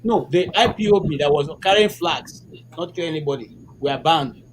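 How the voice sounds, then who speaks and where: A man's voice: on the high side, animated, normal speed. A man arguing with rhetorical questions, often stammering and searching for words. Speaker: discussion participant. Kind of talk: online group discussion. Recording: noisy background hiss.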